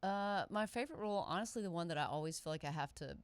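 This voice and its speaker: A woman's voice: lowish voice, quick pace, smooth, no echo. A middle-aged woman, a pickleball coach, talking casually and emphatically as an interview guest. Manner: animated, emphatic, quotes players in character.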